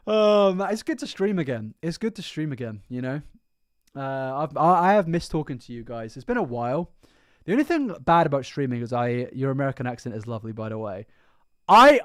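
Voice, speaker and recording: A man's voice: mid-range voice, no echo, clean studio sound. A man chatting casually on his livestream, rambling, swearing freely and mocking himself. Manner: rambling, profane, self-mocking.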